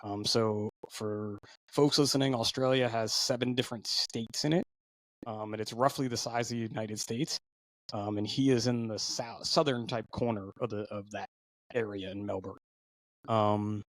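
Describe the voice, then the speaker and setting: Male podcast co-host, mid-pitched, loose rambling storyteller, dry close mic. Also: no echo. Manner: rambling storyteller, lots of fillers and restarts. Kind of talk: casual podcast chat.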